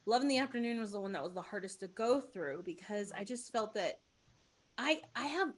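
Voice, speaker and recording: A woman who is a regular on a film podcast, giving frank, blunt, animated opinions. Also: on the high side, fairly quick. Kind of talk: casual chat.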